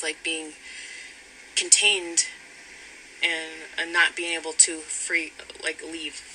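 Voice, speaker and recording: A man giving a rambling personal account, halting with frequent fillers and restarts, sometimes quoting heated exchanges. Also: fairly high pitch, pushed and bright, rough recording. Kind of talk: personal account of a past relationship. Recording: noticeable background noise.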